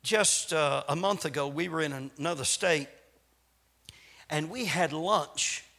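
A man preaching a sermon as a visiting preacher, swinging between loud appeals and hushed asides. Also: fairly high pitch, a little slow, vocal fry. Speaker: traveling preacher.

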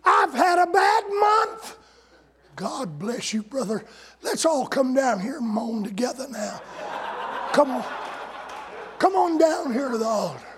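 Husky high-voiced preacher, slow and drawn out, folksy sarcasm, shouts on the big points. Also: male voice, lively intonation. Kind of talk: sermon.

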